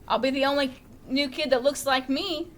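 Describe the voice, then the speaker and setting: Woman reader as a grumpy, reluctant kid in a storybook read-aloud, high voice. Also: steady tone, moderate pace, lightly acted. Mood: sulky. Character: a reluctant, wary young boy.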